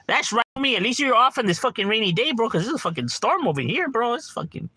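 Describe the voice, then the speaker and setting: Animated, swearing middle-aged man ranting. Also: extremely high pitch, fast talker, breathy edge, no echo. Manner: profane, animated, says "bro" constantly. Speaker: game streamer. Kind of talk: casual livestream rant. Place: at home.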